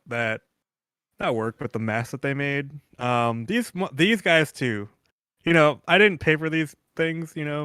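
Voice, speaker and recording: A man's voice: medium pitch, a bit bright, smooth, no echo, clean studio sound. A man co-hosting a podcast, telling rambling stories in casual chat and cursing freely. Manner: rambling storyteller, curses freely. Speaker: podcast co-host.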